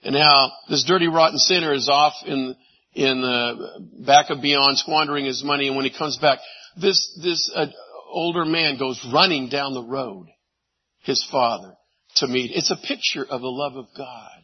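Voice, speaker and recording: A man preaching a sermon, animated, swinging from loud exclamations to hushed asides. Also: mid-range voice, normal speed, breathy edge, muffled recording. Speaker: pastor.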